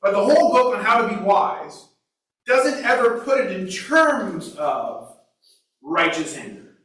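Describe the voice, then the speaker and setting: A man's voice: high voice, very animated, unhurried, a bit bright. Male Bible study teacher, casual and conversational, questions the group; picked up from across an echoey room. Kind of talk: informal Bible class teaching. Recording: echoey room, mic far away.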